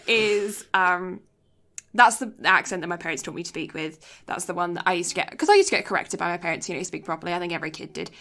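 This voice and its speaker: A woman from England whose English accent carries a Canadian lean chats loosely on a podcast. Her voice is bright and clear, and she wanders from point to point with plenty of fillers and asides. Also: mid-range voice. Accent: English, mixed with Canadian. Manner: chatty, rambling, lots of fillers and asides. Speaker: podcast co-host. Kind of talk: casual podcast chat.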